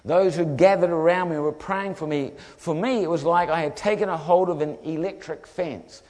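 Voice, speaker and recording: New preacher, slightly high voice. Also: male voice, moderate pace. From New Zealand. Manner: lively storyteller acting out voices. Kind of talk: humorous testimony sermon. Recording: long hall reverb.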